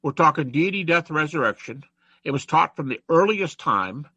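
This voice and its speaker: A man's voice: a little high, animated, moderate pace, pushed and bright, husky, no echo, muffled recording. A man giving a conversational classroom lecture to students, reciting rhymes and verses as he goes.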